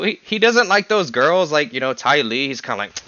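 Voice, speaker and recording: Lively young man hosting a podcast. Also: normal speed, few pauses, muffled recording. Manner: animated, teasing, laughs often, jumps in pitch when excited. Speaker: podcast host. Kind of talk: casual chat ranking characters with a guest.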